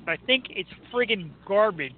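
A man hosting a talk show, chatting and ranting about sports in an excitable, joking way. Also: high voice, moderate pace. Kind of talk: casual sports rant and chat. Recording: tinny phone-like line with faint noise.

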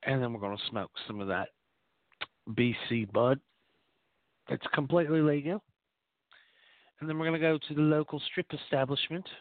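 Male host for a vulgar comic rant, rambling and mock-boastful, mid-pitched, heard over a tinny phone line. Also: fairly even intonation, moderate pace, pauses often, dry recording. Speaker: radio show host. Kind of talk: crude comic monologue.

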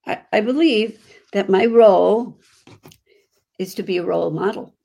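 An older woman with a Chicago accent chats effusively as a guest in a video-call interview, restarting often. Her voice is medium in pitch, gravelly and mellow, at a moderate pace.

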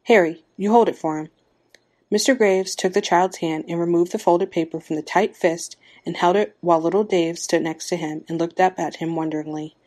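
A woman narrating a story aloud in a measured, expressive storytelling manner. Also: fairly low pitch. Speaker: story reader.

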